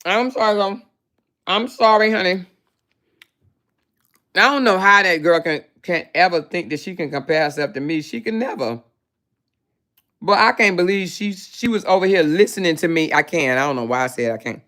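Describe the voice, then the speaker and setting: A woman's voice: fairly low pitch, normal speed, long pauses, fairly bright tone. A woman hosting a casual livestream, talking in a brash, profane, mocking way. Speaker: livestream host.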